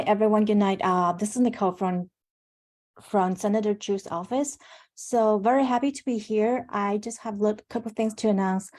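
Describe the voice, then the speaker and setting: Mellow-voiced woman making announcements. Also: mid-range voice. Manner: announcing details with small restarts. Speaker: staffer for a state senator. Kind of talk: meeting announcements.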